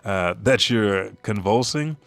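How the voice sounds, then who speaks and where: A man voicing a cheerful, scrappy eleven-year-old boy with an odd, drawn-out laugh. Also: lowish voice, animated, no room sound. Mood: chirpy.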